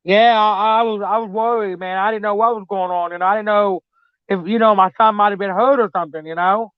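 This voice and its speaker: A mother chats casually about her kids in a rambling storytelling style, swearing freely and often throwing in "man." Her voice is medium-pitched with fairly even intonation and a fairly quick pace, on a dry, muffled recording.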